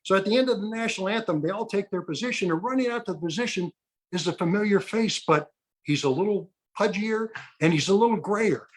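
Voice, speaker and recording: With a husky voice that sits high, this man talks a little fast. He's a retired baseball pitcher in his sixties, a guest telling animated stories and playing the people he quotes.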